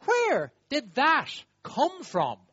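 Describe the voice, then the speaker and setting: A man preaching a sermon, talking emphatically and swinging between loud exclaiming and quiet asides. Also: very high-pitched, wildly swooping pitch, drawn-out words, no echo. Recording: dull lo-fi dry recording.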